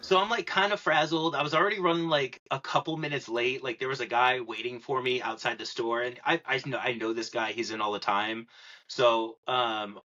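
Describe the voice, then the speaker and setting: A man's voice: mid-range voice, fairly even intonation, fairly quick, bright, forceful tone, muffled recording. A young man telling a long story in a rambling podcast chat, full of "like" and filler words. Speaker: podcast guest.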